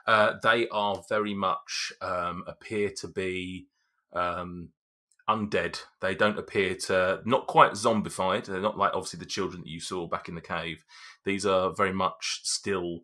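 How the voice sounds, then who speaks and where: A man's voice: low-pitched, fairly even intonation, measured pace, pushed and bright. A man acting as game master for a podcast tabletop game, describing the scene with frequent ums and teasing his players.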